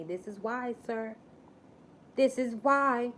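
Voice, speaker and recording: A woman's voice: fairly high pitch, a little slow, a little hiss or hum. A woman giving a live-stream spiritual message, emphatic and preachy, repeating phrases for stress.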